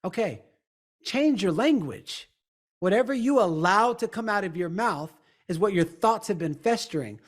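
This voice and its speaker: A man's voice: high-pitched, animated, normal speed. A man, a motivational speaker and coach, talking emphatically as an interview guest. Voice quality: had a speech impediment in youth. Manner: emphatic, acts out quoted people.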